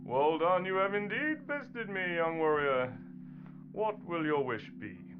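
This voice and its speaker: A man voicing a grand, well-spoken lobster minstrel who talks in a formal, old-fashioned way, over loud guitar music. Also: on the high side, expressive, slow pace, pitched above the performer's own voice. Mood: stately. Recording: dull recording under loud guitar music.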